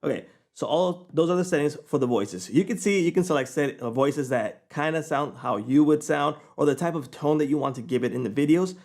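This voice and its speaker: A man giving a casual, chatty screen-recorded software tutorial, often checking in with the viewer. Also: on the high side, a little fast, few pauses. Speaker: software reviewer.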